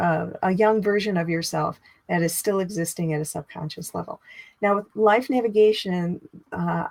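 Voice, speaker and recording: Middle-aged woman, spiritual teacher, chatty teaching talk, expressive, slight vocal fry. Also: fairly low pitch. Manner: expressive, lifts her voice for inner dialogue.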